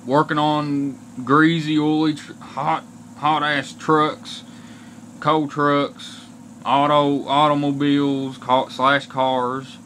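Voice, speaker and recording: A young male vlogger from Kentucky, USA, rants bluntly to camera in an Appalachian accent, swearing often. His fairly high voice holds a level tone and sounds a bit bright. He comes across aggrieved, slow and deliberate, with slight background noise in the clip.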